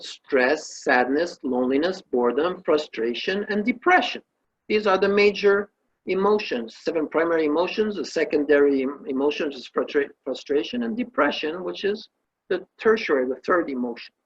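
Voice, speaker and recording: Husky man teaching, lo-fi sound. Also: a little high, normal speed. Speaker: spiritual teacher. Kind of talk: talk on consciousness with a parable.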